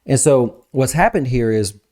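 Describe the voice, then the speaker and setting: A man giving casual, energetic market commentary as an investment advisor host, talking fast with fillers. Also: mid-range voice.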